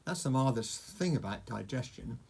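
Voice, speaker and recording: A man's voice: mid-range voice, expressive, fairly quick, creaky, a little mellow, breathy edge. A man voicing a huge, cheerful and menacing male dragon who talks in a pompous, condescending way.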